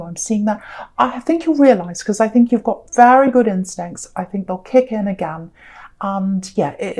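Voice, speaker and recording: A woman giving a tarot reading to camera, talking straight to the viewer in an animated, heated way. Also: fairly high pitch. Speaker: tarot reader.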